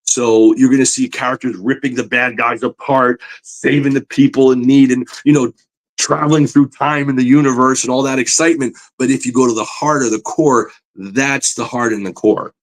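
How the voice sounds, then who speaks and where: A man with a medium-pitched voice speaks at a normal pace on a roughly recorded podcast, appearing as a comic book artist guest. He tells stories animatedly in casual conversation, using lots of "you know" fillers, and his voice climbs when he gets excited.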